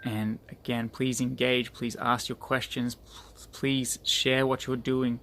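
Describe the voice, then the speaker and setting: A man's voice: mid-range voice, little pitch movement, slow pace, a bit bright, slight background noise. A man giving an earnest motivational talk to his group, repeating phrases for emphasis. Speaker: group leader.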